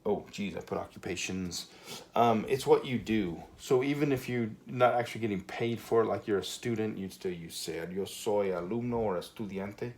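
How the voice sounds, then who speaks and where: A man teaching a Spanish grammar lesson at a whiteboard, relaxed and full of fillers, checking in with "okay" often. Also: on the low side, moderate pace. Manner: relaxed, many fillers and okays.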